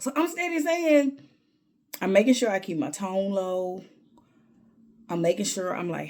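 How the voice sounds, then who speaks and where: A woman's voice: mid-range voice, expressive, normal speed, darkish tone. A woman vlogger telling a candid story in an emphatic way, repeating words when she gets worked up.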